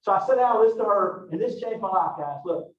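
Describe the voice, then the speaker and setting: A man's voice: sits high, animated, quick pace. A middle-aged man lecturing a college class in a rambling, folksy way full of asides. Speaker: college anatomy instructor. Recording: distant roomy lecture recording, dull lo-fi sound.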